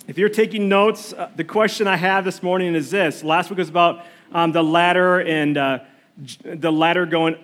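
A pastor praying and then preaching a sermon to his church, telling a story in a loose, conversational way with many restarts. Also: high-pitched. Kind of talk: sermon with prayer. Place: church sanctuary.

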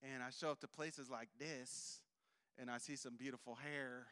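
A man giving a missionary testimony as a sermon, telling his story with loud bursts and soft asides and acting out the dialogue in quoted voices. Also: mid-range voice, steady tone, normal speed, clear, resonant tone. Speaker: missionary preacher.

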